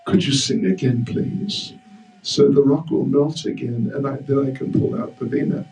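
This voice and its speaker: A man's voice: medium pitch, fairly even intonation, moderate pace, dark tone, a little hiss or hum, lightly acted. A man voicing a wandering male sage who is flustered and pleads in a panic. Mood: pleading. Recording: roomy hall, mic far off.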